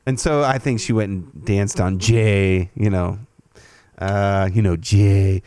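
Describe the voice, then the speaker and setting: A man hosting a podcast and telling a long story in casual chat. He swears freely and jumps to a loud, high voice when he quotes himself. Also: steady tone, takes it slowly, clear, resonant tone, dry recording. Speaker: podcast host.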